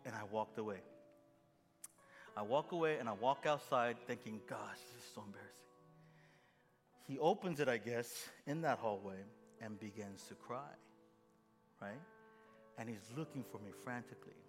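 A man's voice: medium pitch, moderate pace, long pauses. A middle-aged man preaching a sermon as a story, acting out dialogue with self-mocking humor. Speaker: pastor. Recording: long hall reverb, faint music.

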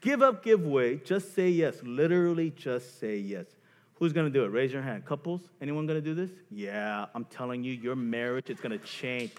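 Animated pastor in a big echoey hall. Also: male voice, medium pitch, moderate pace. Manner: animated and joking, acts out voices of himself and his wife. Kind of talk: sermon. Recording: long hall reverb.

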